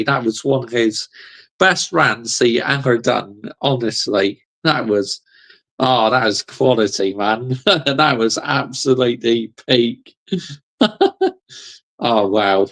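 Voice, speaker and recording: A man hosts a live football reaction stream, his voice gravelly with a rough edge. He rants with heat, swears freely and keeps laughing at chat messages. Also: medium pitch, slow, a bit bright. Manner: heated, ranting, swearing, laughing often. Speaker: football channel host.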